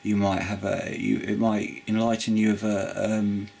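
Man, very gravelly voice, earnest rambling preaching, informal testimony. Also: fairly low pitch, completely flat delivery, moderate pace, a little mellow, a little hiss or hum. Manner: rambling, earnest, with frequent restarts and "you know". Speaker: Christian video preacher.

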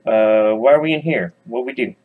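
A man's voice: mid-range voice, moderate pace, phone-quality sound, close to an everyday voice. A man voicing a mouthy little girl locked in a cage, asking coarse questions in a raised voice. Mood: indignant.

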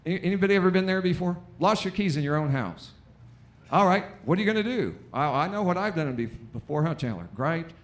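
An American man preaching a lively sermon in a church, with call-and-response and acted-out quotes. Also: on the high side, a little fast. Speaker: pastor. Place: church auditorium.

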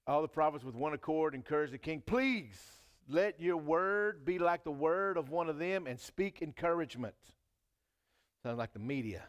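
A man preaching a sermon in a church, talking casually and reading scripture aloud with rising emphasis. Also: a little high. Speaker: pastor.

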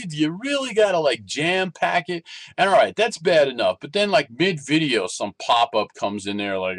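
A man ranting in a casual vlog, animated and rambling, with restarts and exasperated complaints. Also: mid-range voice, normal speed, dry recording. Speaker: vlogger.

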